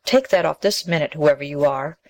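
A woman's voice: low-pitched, brisk. A woman voicing a cruel, middle-aged stepmother who speaks harshly and scolds in a storybook reading. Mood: scolding.

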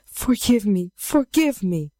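A woman's voice: mid-range voice, very animated, slow pace, dark tone, dry recording. A woman voicing a remorseful young prince who begs for mercy in a storybook reading. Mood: pleading. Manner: pleading, repentant.

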